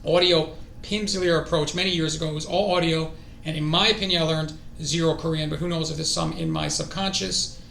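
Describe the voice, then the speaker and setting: A man streaming his own language study, excitable and thinking aloud as he goes. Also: fairly high pitch, a little fast, vocal fry, echoey room, slight background noise. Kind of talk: casual self-study stream.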